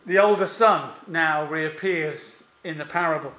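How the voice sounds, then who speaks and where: High-voiced preacher in an echoey room. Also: male voice, sharp tone. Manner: emphatic, rhetorical questions, frequent "uh" pauses. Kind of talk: expository sermon.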